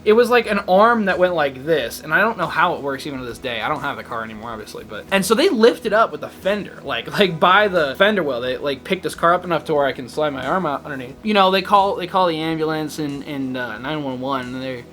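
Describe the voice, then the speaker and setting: A man's voice: on the high side, lively intonation, fast talker, few pauses, sharp tone. A man in his early twenties telling a rambling, profane story in a casual storytime vlog, laughing as he goes. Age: 20s. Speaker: vlogger.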